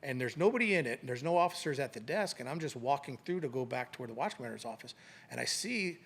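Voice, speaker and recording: A man's voice: medium pitch, quick pace, gravelly, slightly rough. A middle-aged man, a retired police sergeant, casually telling a story in an interview and acting out the voices of the people in it. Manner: animated anecdote telling, acting out quoted voices.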